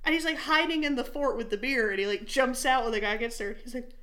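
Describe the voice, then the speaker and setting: A young woman co-hosting a podcast, telling stories in a casual, animated way, swearing and acting out what people said. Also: a little high, fast talker. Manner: animated, swearing, acts out quotes. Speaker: podcast co-host. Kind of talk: casual storytelling chat.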